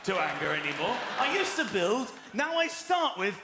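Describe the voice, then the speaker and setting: A man's voice: high voice, sing-song, a little fast, hardly any pauses, very noisy. A man with an English accent doing an exasperated stand-up routine, ranting and putting on mock voices. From England. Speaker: stand-up comedian. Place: large comedy venue with live audience. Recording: echoey venue, loud crowd laughter. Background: audience laughter.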